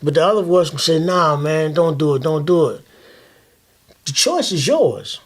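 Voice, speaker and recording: A man in his seventies telling his son stories from his life in a loose, animated way, often saying "man" and "you know". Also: fairly high pitch, normal speed. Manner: acts out other people's voices in his stories. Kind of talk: casual storytelling conversation.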